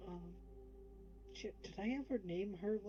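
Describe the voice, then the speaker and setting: A woman playing a tabletop role-playing game, thinking aloud with pauses and fillers while she makes up details for her character. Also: medium pitch, lo-fi sound, music in the background. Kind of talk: casual tabletop game chat, partly in character.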